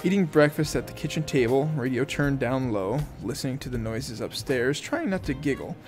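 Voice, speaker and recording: A man narrates an audiobook in the first person, his reading amused and lively. His voice sits at an ordinary middle pitch. Faint music plays underneath. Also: normal speed.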